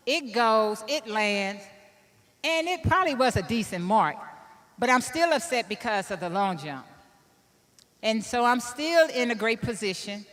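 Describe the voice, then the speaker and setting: Woman in her fifties telling a story in a hall. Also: fairly high pitch. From Illinois, USA. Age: 50s. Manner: animated, personal, laughs at own story. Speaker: keynote speaker. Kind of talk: motivational storytelling speech.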